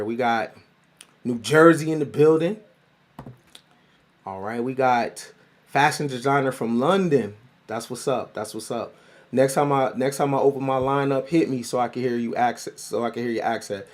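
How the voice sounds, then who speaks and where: Slangy man hosting a livestream. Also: mid-range voice. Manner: loose, playful, shouting out viewers by city; slangy, repeats words for emphasis. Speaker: livestream host and life coach. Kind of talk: casual livestream talk.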